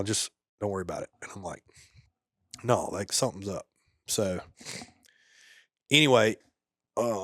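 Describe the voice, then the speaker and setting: A man with a fairly low voice recounts his time in combat as a podcast guest. He talks casually and laid-back, sinking into a hushed murmur at the grim moments. The recording is dry and close. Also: no echo. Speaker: podcast guest, former soldier. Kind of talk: casual war storytelling.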